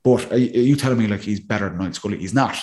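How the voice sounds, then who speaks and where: A man's voice: fairly low pitch, very fast. A man, a former player, analysing a match in casual podcast talk and acting out what players think. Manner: animated, acts out players' thinking.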